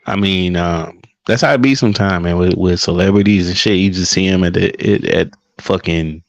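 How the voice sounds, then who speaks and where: A man with a fairly low voice swaps football talk and stories with friends, swearing freely and getting loud and animated as he tells them. The sound is dry and close, with no room around it. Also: moderate pace, gravelly, no echo, highs cut off. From Milwaukee, Wisconsin. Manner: profane, animated storytelling. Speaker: podcast host. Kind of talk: casual sports chat.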